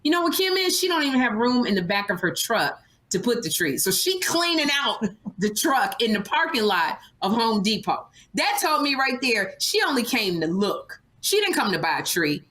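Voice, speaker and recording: A woman's voice: a little high, sing-song, moderate pace, a bit bright. A middle-aged woman co-hosting a comedy podcast, teasing her friend and telling stories in quoted voices. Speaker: podcast co-host. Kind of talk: casual comedic banter.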